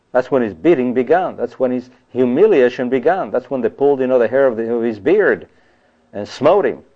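Man, preacher, conversational sermon, mid-pitched voice, "you see" and "you know", slightly muffled lo-fi sound. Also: a little mellow. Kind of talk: sermon on scripture.

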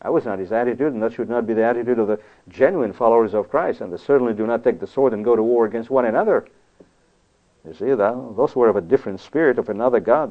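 A man preaching a sermon in a conversational, emphatic way, often checking in with "you see?". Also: medium pitch. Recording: tinny phone-like sound.

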